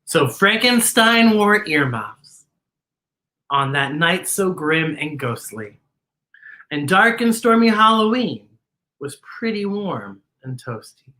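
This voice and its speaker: A woman's voice: lowish voice, slow pace. A woman hosting a children's storytime, reading a picture book aloud with exclamations and questions to the kids. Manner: animated, exclamatory, talks to kids directly.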